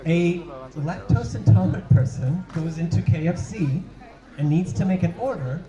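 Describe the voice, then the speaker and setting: A man's voice: high-pitched, animated, moderate pace, crowd noise. A man hosting a live panel on stage at a fan event, leading an improv game in a chatty, stumbling way that repeats phrases. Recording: dull roomy sound, audience noise.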